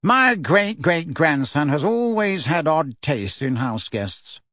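A man's voice: a little high, big pitch swings, slow pace, fairly bright tone, dry recording, clean studio sound, heavily acted. A man voicing a haughty wizard in a portrait, with a reedy voice and a bored, drawling, disdainful manner.

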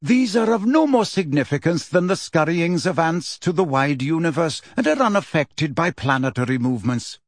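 A man voicing a calm, aloof male centaur teacher, speaking in a measured, quietly dismissive way. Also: on the high side, no echo, studio quality. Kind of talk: audiobook character reading.

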